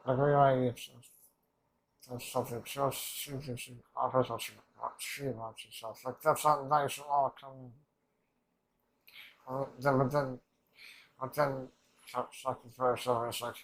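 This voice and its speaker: A man's voice: medium pitch, flat delivery, slow pace, long pauses, poor audio. A man reacting to an anime episode in rambling, emotional casual commentary, swearing often and restarting his sentences.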